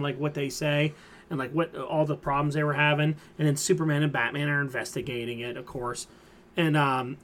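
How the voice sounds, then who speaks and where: Podcast host, male, slightly high voice, rambling and filler-heavy recap style. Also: fairly bright tone. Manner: rambling retelling full of fillers. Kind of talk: casual chat.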